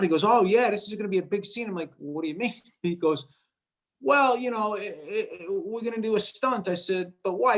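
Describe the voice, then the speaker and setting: A male actor guest telling a lively anecdote, acting out the voices of the people in it and often repeating his words. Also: on the high side. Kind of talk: animated storytelling.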